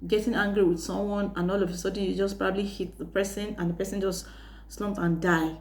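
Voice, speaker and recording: A woman hosting a faith-based self-help talk, teaching earnestly, asking rhetorical questions and quoting Bible verses with small pauses. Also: medium pitch, mellow. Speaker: host giving life advice.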